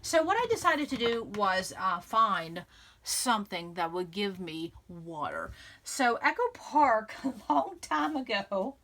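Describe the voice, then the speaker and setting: Here a woman with a medium-pitched, somewhat bright voice speaks slowly, her pitch swinging widely. As the host of a scrapbooking channel, she narrates a laid-back crafting tutorial, chatting cheerfully, laughing a lot, and musing aloud as she goes.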